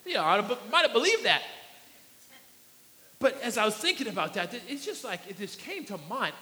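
A man preaching a sermon and telling a family story in an animated way, acting out his small son's voice. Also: extremely high pitch, moderate pace. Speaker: pastor. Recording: long reverb of a large hall.

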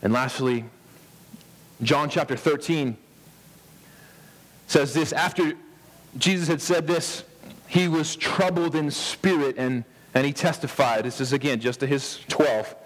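A man in his thirties preaching a sermon as a pastor, earnest, pausing for emphasis and often restarting his words. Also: fairly high pitch, long reverb tail.

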